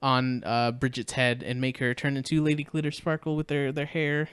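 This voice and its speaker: A man co-hosting a podcast, casually retelling a movie plot in a rambling, animated way with fillers and quoted voices. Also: mid-range voice, moderate pace, smooth, dry recording, clean studio sound. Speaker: podcast co-host. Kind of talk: casual movie recap chat.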